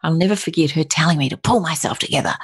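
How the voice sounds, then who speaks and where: A woman's voice: low voice, fast talker, slightly rough. A middle-aged woman telling a personal story in conversation, emotional and full of restarts and quoted voices.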